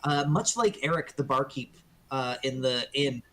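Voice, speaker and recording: Halting, easygoing man running a tabletop game. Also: mid-range voice, expressive, fairly bright tone. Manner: casual, halting with many fillers. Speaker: dungeon master.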